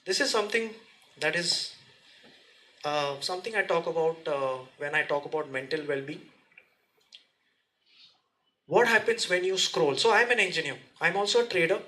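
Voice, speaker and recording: A man giving a lively seminar talk, asking the audience questions and speaking to them directly. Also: a little high, normal speed, long pauses, low-quality recording. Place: seminar room.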